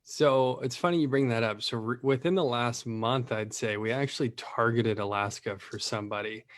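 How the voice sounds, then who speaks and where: A man who runs a lead-generation business, chatting casually and telling rambling, animated stories full of fillers. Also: medium pitch, moderate pace, no echo, clean studio sound.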